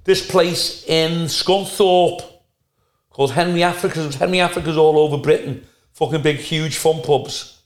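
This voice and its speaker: A male stand-up comedian telling profane, animated anecdotes in a casual podcast chat. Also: on the high side, a little slow. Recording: roomy echo.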